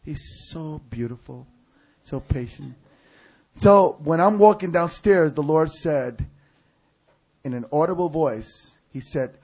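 A male preacher telling a story in a sermon. He shouts other people's lines in a high voice. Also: expressive, unhurried, slightly rough.

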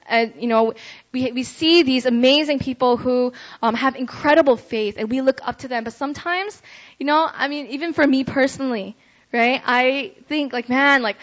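Chatty young woman preaching, lo-fi. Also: high voice. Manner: chatty, ends phrases with "right?". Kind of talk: casual youth sermon. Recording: dull lo-fi recording.

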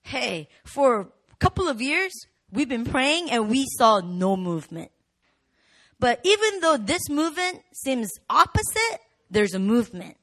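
High bright-voiced woman preaching. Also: measured pace. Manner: animated, rising to shouts. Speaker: pastor. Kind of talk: sermon. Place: church hall.

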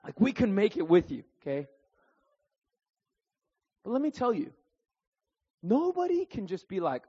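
Animated man telling stories in a hall. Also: high voice, measured pace, pauses often, husky. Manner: animated, keeps adding "right?" and "okay?"; self-deprecating and jokey. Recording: dull recording with long hall reverb.

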